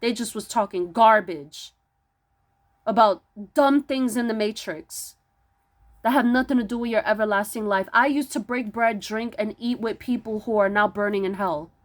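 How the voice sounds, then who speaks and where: A woman delivering an impassioned spiritual monologue, preachy and emphatic, stumbling over restarts and pushing into near-yelling rhetorical questions. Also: fairly high pitch, moderate pace. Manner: stammering restarts. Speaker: spiritual vlogger.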